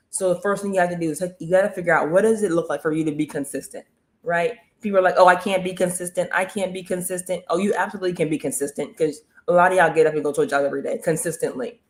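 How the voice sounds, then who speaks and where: A woman coaching viewers on a live stream, energetic and repetitive, often urging them to comment and follow. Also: fairly low pitch. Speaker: online business coach hosting a live stream. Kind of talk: motivational live-stream talk.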